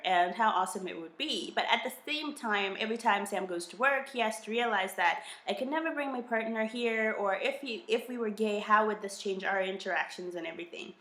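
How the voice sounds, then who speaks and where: A woman's voice: medium pitch, fairly bright tone. A woman casually reviewing a book for her channel, chatty and gushing, full of little fillers. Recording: roomy echo.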